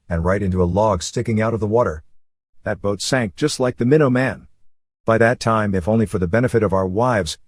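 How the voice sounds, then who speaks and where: A man narrating a first-person memoir in a steady, matter-of-fact storytelling way. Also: lowish voice, slightly rough, dry recording, clean studio sound.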